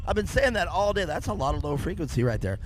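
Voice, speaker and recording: A male race announcer with a fairly high, excitable voice jokes his way through trackside interviews. He talks into a handheld microphone at an outdoor track, with a faint hum of noise behind him. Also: quick pace. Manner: excitable, joking, high-energy. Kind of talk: live trackside commentary and interviews. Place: outdoor racetrack podium.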